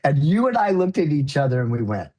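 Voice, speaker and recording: A man guesting on an interview show, telling a story in an earnest, conversational way with soft laughs. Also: fairly high pitch, very animated, fast talker. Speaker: guest, illusionist and educator.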